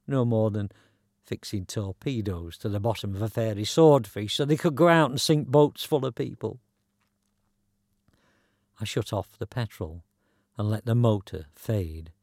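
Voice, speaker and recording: A man's voice: medium pitch, no echo. A man narrating a story in a dry, wry, conversational way.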